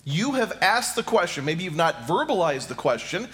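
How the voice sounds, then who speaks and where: Middle-aged male pastor with a high, animated delivery; preaches by stacking rhetorical questions. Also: moderate pace. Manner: repeats questions rhetorically, addresses listeners directly. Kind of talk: sermon.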